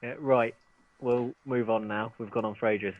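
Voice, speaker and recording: A man's voice: medium pitch, steady tone, moderate pace, slight background noise. A man hosting a casual podcast chat, enthusiastic, moving the talk along and reading out listener posts. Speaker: podcast host. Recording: dry tinny phone-like line.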